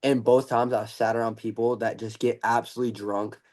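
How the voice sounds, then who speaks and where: A man's voice: medium pitch, little pitch movement, brisk, a little mellow. An eighteen-year-old man hosts a podcast with a mid-range voice. He chats eagerly and casually, like a fan talking shop. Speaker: podcast host. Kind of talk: casual interview chat.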